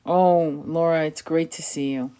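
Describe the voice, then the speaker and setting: Gushing woman tarot reader, lowish voice. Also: steady tone, a little slow, dark tone, smooth. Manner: effusive, gushing, repeats "beautiful". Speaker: tarot reader and spiritual guide hosting a live session. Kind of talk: live-stream tarot reading with chat replies.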